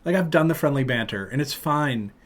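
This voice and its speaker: A man hosting a podcast, telling a long story in casual chat and loudly acting out what people said. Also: medium pitch, brisk. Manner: animated, acts out loud quotes of other people. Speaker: podcast host.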